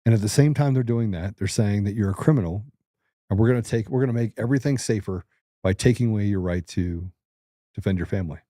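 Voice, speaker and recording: Blunt middle-aged guy ranting on a talk show, warm low voice, no room echo. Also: quick pace, clean studio sound. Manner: blunt, combative and emphatic. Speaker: host. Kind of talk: political commentary.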